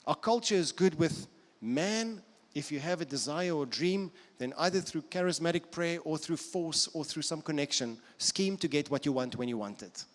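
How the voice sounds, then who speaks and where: A South African man preaching an earnest sermon, his voice sitting a little high for a man. He drives points home by repeating them. A long reverb from the church hall trails behind each phrase. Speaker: pastor. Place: church auditorium.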